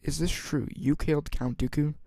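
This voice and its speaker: A man reading aloud and voicing a stern middle-aged male leader who speaks firmly and a bit louder. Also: a little high, steady tone, normal speed, no room sound.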